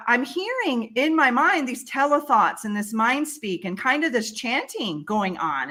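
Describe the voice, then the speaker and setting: A woman, a guest on a talk show, telling a personal story with lively, emotional delivery. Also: on the high side. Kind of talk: storytelling in a casual interview.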